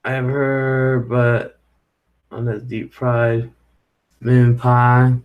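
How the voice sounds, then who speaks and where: A middle-aged man hosts a live stream and rambles through viewer comments. He talks in an unhurried, drawn-out way at a middling pitch. When something annoys him, he swears freely. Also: completely flat delivery, narrow, tinny audio. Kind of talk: casual live chat reading viewer comments.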